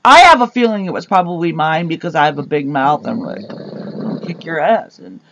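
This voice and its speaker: A woman co-hosting a podcast, telling an animated, rambling story full of fillers on a dull lo-fi recording. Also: low voice, quick pace, no room sound. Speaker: podcast co-host. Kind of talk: casual storytelling chat. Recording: dull lo-fi sound.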